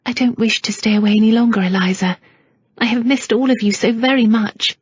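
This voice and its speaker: A woman reading an audiobook and voicing a remorseful young gentlewoman who speaks softly and humbly. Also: a little high, fairly quick, slightly rough, no room sound, muffled recording, voice pushed up. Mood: contrite. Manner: soft, humble, earnest.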